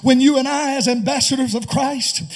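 A male pastor preaching a sermon with fervor, building to shouts and breaking into tongues. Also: very high-pitched, steady tone, normal speed. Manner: fervent preaching, rising to shouts, bursts of tongues.

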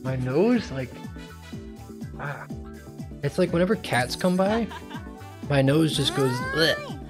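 A man's voice: fairly high pitch, lively intonation, slow pace, music in the background. Chatty young man streaming a game. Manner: rambling, chatty. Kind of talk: casual gameplay commentary.

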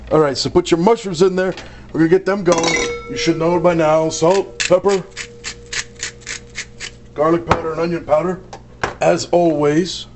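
A man's voice: a little high, background noise. Brash joking cooking show guy. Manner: joking, brash, talks to crew. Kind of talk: casual cooking demonstration. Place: kitchen with grill.

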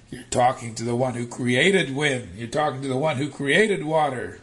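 A man preaching a sermon, telling stories with animated, shifting emphasis, from near-whispers to loud stresses. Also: medium pitch, moderate pace, few pauses. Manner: animated storytelling, acting out quotes.

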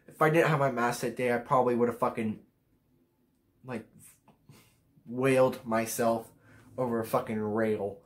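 A man's voice: medium pitch, steady tone, normal speed, pauses often, a little hiss or hum. A teenage boy vlogging a casual rant to camera, ranking pet peeves in a profane, exasperated way. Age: teens.

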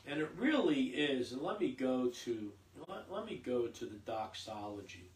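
A priest reading scripture at Mass and then preaching a homily in a slow, halting way, with many fillers and repeated words. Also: male voice, medium pitch, sing-song, slight background noise. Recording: echoey church, voice from a distance.

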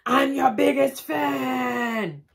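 A woman's voice: high voice, steady tone, drawn-out words, pitched above the performer's own voice, full character voice. A woman reading Santa's lines from a picture book, an older man making amends. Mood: warm.

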